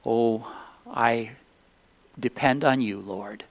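A man's voice: mid-range voice, creaky, dry recording. A male pastor giving a sermon, leading a Scripture reading and then praying in an earnest, reverent way. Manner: slow, earnest, reverent pulpit delivery. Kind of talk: sermon with congregational reading and prayer.

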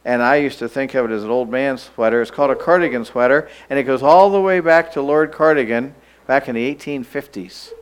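A man preaching a sermon in a church, emphatic, slowing down to stress key lines and having the listeners repeat phrases after him. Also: medium pitch, clean tone, low-quality recording.

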